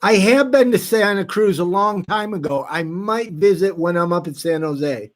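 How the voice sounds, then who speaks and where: A man hosting a live stream, reading out viewer comments in a casual, halting way with frequent restarts. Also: high voice, lively intonation. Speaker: livestream host reading chat.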